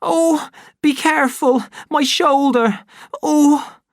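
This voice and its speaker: Audiobook: narrator doing a shrill, tearful, bitter young woman, high and loud. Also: takes it slowly, no room sound, clean studio sound. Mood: pained. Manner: shrill, shouting. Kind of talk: audiobook character voice.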